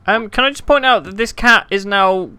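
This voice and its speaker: A man chatting casually while playing a game with friends, excitable and easily exasperated. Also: sits high, normal speed, clear, resonant tone, dry recording. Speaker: gamer. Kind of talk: casual gaming chat.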